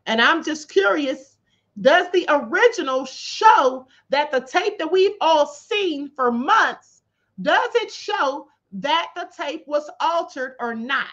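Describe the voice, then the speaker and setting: A woman's voice: sits high, animated, slow pace, fairly bright tone, lo-fi sound. A woman hosting a live stream, giving chatty, opinionated commentary and talking straight to her viewers. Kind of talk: casual commentary.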